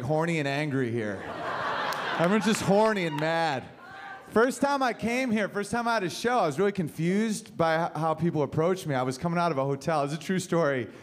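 A man performing a stand-up set on a comedy club stage, telling loose, rambling stories and swearing freely. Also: fairly high pitch. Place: comedy club stage before a live audience. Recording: live club recording with crowd and noise.

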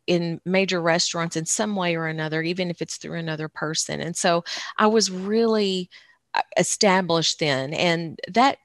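A woman's voice: lowish voice, fairly bright tone, no room sound. Southern lady author chatting in an interview, earnest, lots of ums, dry close sound. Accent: Southern American. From Southern United States. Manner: chatty, earnest, many fillers and restarts. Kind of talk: personal storytelling in an interview.

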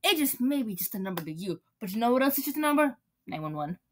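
A woman's voice: a little high, very animated, fast talker, slight background noise. A woman voicing a cocky, rude male hedgehog from a game, delivering insulting punchlines. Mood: smug.

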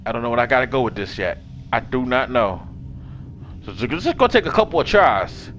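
A man giving casual let's play commentary, swinging from hushed muttering to yelling and talking to the game characters with slang and swearing. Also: mid-range voice, big pitch swings, fairly quick, a little hiss or hum. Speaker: gaming video creator.

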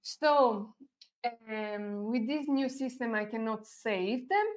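A woman's voice: a little high, slow. A woman from Italy with an Italian accent, co-hosting a casual live chat and often tagging sentences with a questioning "no?". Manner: chatty, ends thoughts with a questioning "no?". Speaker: co-host.

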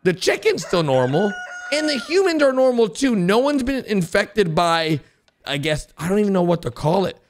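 A man excitedly commenting on cartoon clips for viewers, exclaiming, gasping and laughing as he goes. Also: sits high, moderate pace. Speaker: host reacting to animations.

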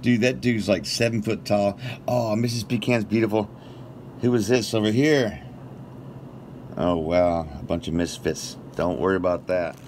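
A man prank-calling phone scammers, talking in crude, profane, deliberately absurd rambles. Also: fairly low pitch, darkish tone, a little hiss or hum. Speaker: prank caller baiting scammers. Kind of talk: casual phone prank banter.

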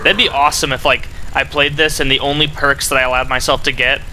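A young man chats loosely while he plays, his voice sharp and bright, looping through "like" and half-finished thoughts. Faint game sounds hum underneath his desk-mic recording. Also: mid-range voice, level tone, fast talker. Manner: rambling, filler-heavy storytelling. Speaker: gaming commentator. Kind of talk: casual gameplay commentary.

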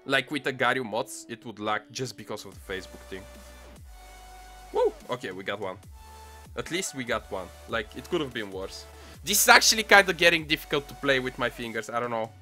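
A young man casually commenting on a mobile game as he plays, excitable, muttering to himself and swearing often. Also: medium pitch, a little fast. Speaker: gaming channel host. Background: faint music playlist.

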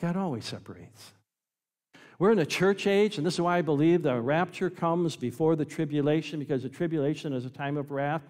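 A man's voice: a little high, fast talker, few pauses. Emphatic preacher man, echoing hall. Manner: emphatic, swings between loud and quiet. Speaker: pastor. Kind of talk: sermon. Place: church sanctuary.

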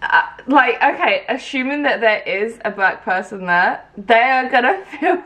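A woman's voice: a little high, fairly bright tone. A young woman from the UK in her twenties, casually reacting to a video with bemused, laughing asides. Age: 20s. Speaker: reaction channel host.

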